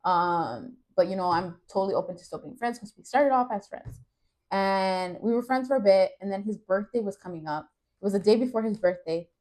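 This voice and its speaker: A woman's voice: mid-range voice, fairly quick, darkish tone. A young woman co-hosting a podcast, telling a rambling story in casual chat with lots of fillers. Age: young adult. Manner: rambling, uses many fillers and acted quotes. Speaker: podcast co-host.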